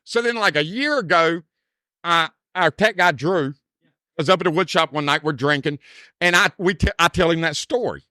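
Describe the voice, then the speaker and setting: A man's voice: on the high side, normal speed, sharp tone, dry recording, studio quality. A man, hosting a podcast and rambling through a story in casual chat, full of "dude" and "like.". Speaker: podcast host.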